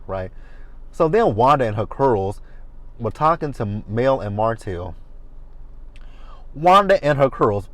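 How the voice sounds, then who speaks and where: A man giving a sassy, animated, swearing commentary on a reality TV episode. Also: mid-range voice, normal speed, no echo. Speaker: reality TV reviewer. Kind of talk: casual commentary.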